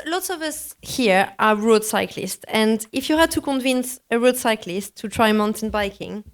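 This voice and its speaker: Bright-voiced woman moderating a panel. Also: fairly high pitch. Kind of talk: live Q&A panel hosting.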